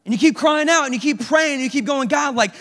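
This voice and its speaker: High-voiced animated male preacher. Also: fast talker. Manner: animated, acts out prayers in character; casual slangy speech. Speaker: youth pastor. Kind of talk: sermon. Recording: reverberant hall.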